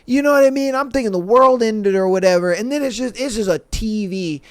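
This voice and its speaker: A man's voice: high voice, a little fast, no room sound. A man hosting a podcast in a casual, laid-back manner with lots of slang. He reads listener stories aloud and reacts to them. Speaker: podcast host.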